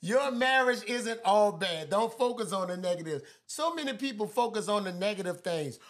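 A man's voice: sits high, expressive, normal speed, fairly bright tone. A man giving marriage advice in a casual chat with his wife, laughing often, repeating himself and quoting scripture.

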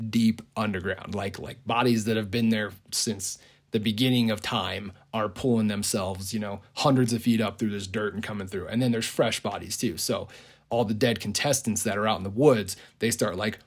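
A man casually retelling a movie idea on a podcast, rambling with lots of "like" and frequent chuckles. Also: lowish voice. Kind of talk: casual storytelling.

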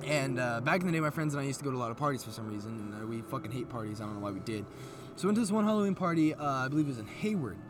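A young man co-hosting a podcast, telling stories in a loose, profane, animated way, recorded outdoors at night. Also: medium pitch, very fast, background noise. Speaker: podcast co-host. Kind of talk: casual storytelling chat. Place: outdoors at an abandoned aqueduct at night.

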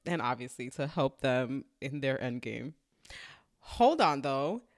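Unhurried woman with lively pitch. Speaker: podcast co-host, parent. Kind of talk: casual movie recap chat.

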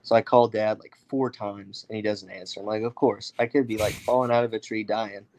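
A young man from the United States telling a story casually, animated, with many fillers and acted-out quotes. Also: fairly low pitch, fairly quick. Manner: animated, acts out others' voices, many fillers. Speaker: guest storyteller.

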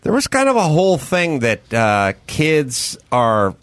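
A man in his fifties or older, hosting a casual studio talk show, telling stories in a rambling, animated way with many restarts. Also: on the high side, unhurried, dry recording. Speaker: podcast host. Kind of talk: casual chat.

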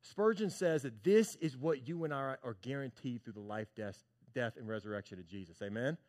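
A man preaching a sermon, talking conversationally to his congregation and swinging from hushed moments to loud bursts. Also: medium pitch, animated, brisk. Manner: conversational, addresses congregation as church and y'all. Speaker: pastor.

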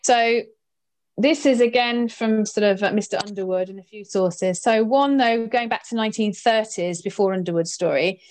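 A woman guest recounting a ghostly experience in a lively, expressive way, her voice jumping up in pitch at the dramatic moments. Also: moderate pace. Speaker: guest storyteller. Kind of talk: animated anecdote telling.

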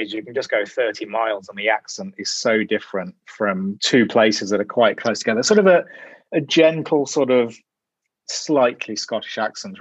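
A man guest talking in a relaxed, thoughtful way, musing aloud and hedging with "sort of". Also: fairly low pitch, breathy edge, dry recording, lo-fi sound. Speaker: guest, journal editor. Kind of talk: casual interview chat.

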